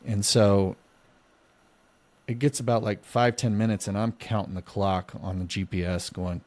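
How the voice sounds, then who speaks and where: Lower-voiced man telling a story. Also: normal speed. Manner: animated, acts out both sides of dialogue. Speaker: podcast co-host. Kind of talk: casual storytelling.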